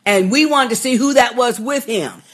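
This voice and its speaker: A woman co-hosting a casual podcast, excitable and laughing, often repeating herself. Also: a little high, normal speed. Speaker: podcast co-host. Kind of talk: casual chat.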